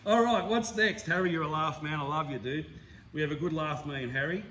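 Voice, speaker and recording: A man with an Australian accent hosting a casual, rambling roundup of hobby channels, enthusiastic and quick to laugh. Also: fairly high pitch, a bit bright, slight background noise. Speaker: slot car hobby channel host.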